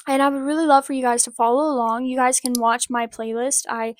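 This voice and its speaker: A woman vlogger talks straight to her viewers in a casual, heartfelt update, her voice sitting a little on the high side. She rambles warmly and earnestly, sprinkling in "like" as she goes. The sound is close and dry, with no room around it. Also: level tone, fairly quick, no room sound. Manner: earnest and encouraging, rambling with many "like" fillers. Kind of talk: casual personal update to camera.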